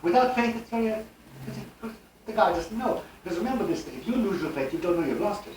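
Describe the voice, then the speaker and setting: An older man giving a live religious lecture with an animated, rhetorical delivery and chuckling asides. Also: high voice, quick pace, a little hiss or hum. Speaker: speaker. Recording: old live tape, distant and echoey.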